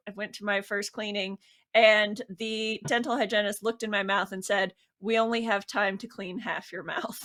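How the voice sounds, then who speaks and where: A woman's voice: mid-range voice, bright, forceful tone. A woman co-hosting a book podcast in casual, candid chat. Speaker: podcast co-host.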